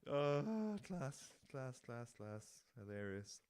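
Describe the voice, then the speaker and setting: A man's voice: mid-range voice, sing-song, slow, a little mellow, clean tone, no room sound. A young Irish man hosting a solo podcast in a casual, rambling way, laughing at his own jokes and swearing freely. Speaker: podcast host.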